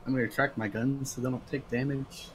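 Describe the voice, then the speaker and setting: A man's voice: mid-range voice, fairly even intonation, fairly quick, a little hiss or hum. A man playing a game with a friend, joking and reacting playfully. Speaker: co-op player. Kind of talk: casual gameplay chat.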